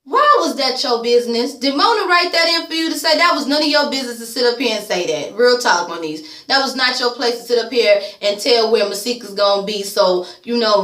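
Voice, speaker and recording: A woman's voice: medium pitch, a bit bright, roomy sound. A woman vlogger giving a casual recap, blunt and sassy, swearing freely and calling people "girl". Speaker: YouTube vlogger reviewing a reality show.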